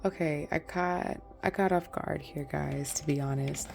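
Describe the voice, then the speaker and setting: Low, gravelly-voiced woman tarot reader. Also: measured pace, music in the background. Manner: rambling, chatty, addresses viewers as guys. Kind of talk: casual pick-a-card tarot reading.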